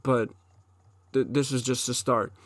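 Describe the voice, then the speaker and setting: Man, 20s, podcast host, unscripted solo rant, intense, profane, frequent restarts, mid-pitched, dry sound. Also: steady tone, unhurried, no room sound.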